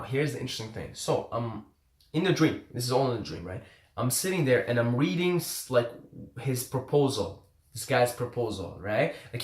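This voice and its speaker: A man from Syria casually telling a story, laid-back and rambling with lots of fillers. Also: medium pitch. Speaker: self-help vlogger. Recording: echoey room.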